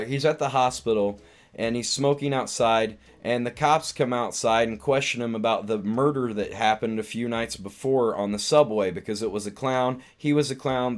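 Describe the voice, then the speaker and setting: A man casually retelling a film's scenes on a live stream, meandering and restarting his sentences often. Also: medium pitch. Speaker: streamer and comedian reviewing a film.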